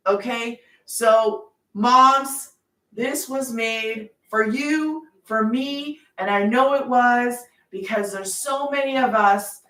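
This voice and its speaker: A woman's voice: a little high, takes it slowly, fairly bright tone, recorded from a distance. A middle-aged woman hosting a casual livestream about her online business, talking in a rambling, emphatic way. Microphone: phone. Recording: roomy sound, off-mic.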